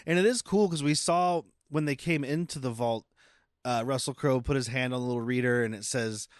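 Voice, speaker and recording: A man's voice: medium pitch, a little fast, smooth, dry recording. Man, podcast co-host, chatty scene-recapper, casual and profane, dry recording. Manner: animated storyteller, recaps scenes, swears. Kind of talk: casual movie-review chat.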